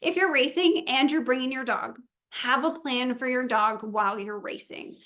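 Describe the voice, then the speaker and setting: A woman's voice: high voice, moderate pace, a bit bright. Upbeat chatty woman giving instructions. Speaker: event organizer. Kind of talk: briefing a virtual meeting.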